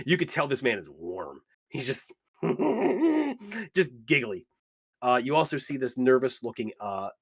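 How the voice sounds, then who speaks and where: A man running a tabletop game as game master, casual and animated, swearing often. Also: medium pitch.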